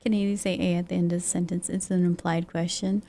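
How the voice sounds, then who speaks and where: A woman's voice: lowish voice, little pitch movement, fast, dark tone. Chatty woman streamer, casual talk. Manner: chatty, reacts to chat messages. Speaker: live streamer. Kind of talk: casual live-stream chat. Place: lives in the United States.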